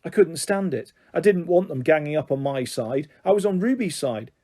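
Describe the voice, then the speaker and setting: A man reading a children's novel aloud in an expressive, animated way. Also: fairly high pitch, moderate pace. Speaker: storyteller.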